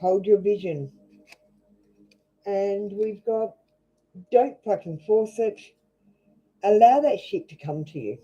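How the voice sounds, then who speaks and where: A woman's voice: mid-range voice, takes it slowly, pauses often, dark tone, slightly rough, lo-fi sound. A woman with an Australian accent doing a live tarot reading, blunt and scolding, swearing freely as she talks to viewers. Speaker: tarot reader.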